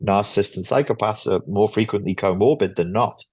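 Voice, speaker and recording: Low-voiced blunt man explaining at length. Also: a little fast, a little mellow, slightly rough. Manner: blunt, swears freely, lecture-like. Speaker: guest author and YouTuber. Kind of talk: explanatory interview talk.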